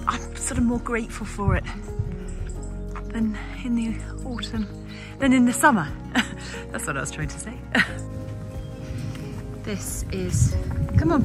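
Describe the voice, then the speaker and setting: Slow-talking Englishwoman over background music. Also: medium pitch. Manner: unhurried, musing, talking to camera. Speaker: vlogger. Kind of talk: casual walking vlog. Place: outdoors in windy countryside. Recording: vlog voice with clear background music.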